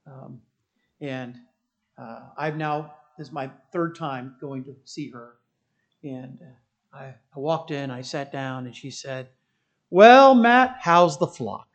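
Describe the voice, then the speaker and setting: A middle-aged man preaching a sermon as pastor, telling stories and building to loud, impassioned preaching. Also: medium pitch, steady tone, takes it slowly.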